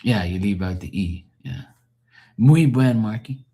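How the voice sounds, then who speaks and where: Guy with a really low voice just hanging out on his stream, chatty, kinda loose, swears a bit. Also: lively intonation, a little slow, dark tone. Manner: loose, chatty, explaining language differences to chat; swears casually, laughs easily. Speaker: live stream host. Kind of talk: casual live-stream chat with viewers.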